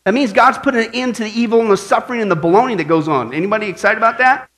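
This is a man with a high voice, preaching as a pastor. He talks in a lively storytelling way and keeps checking in with "right?" and "okay?" as he goes. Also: rapid-fire. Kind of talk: sermon with a joke opening.

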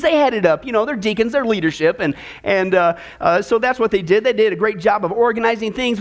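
Man, pastor, very high voice, jokey sermon, chatty, quizzes the congregation. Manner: jokey, conversational, asks the congregation questions. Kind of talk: sermon with joke opener. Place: church.

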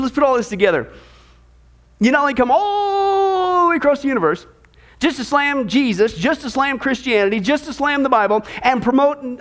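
A male pastor preaching a sermon in an animated, sarcastic way, often repeating his phrases. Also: very high-pitched.

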